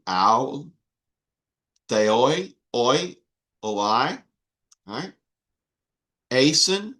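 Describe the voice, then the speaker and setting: Slow, patient male Greek teacher. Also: mid-range voice, bright, forceful tone. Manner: slow, patient, with many fillers and restarts. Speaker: Greek instructor. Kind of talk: online class teaching.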